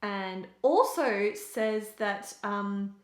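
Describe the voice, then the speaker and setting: A woman's voice: mid-range voice, very slow, roomy sound. A woman giving a casual spoken book review, chatty and full of fillers, often laughing at her own remarks.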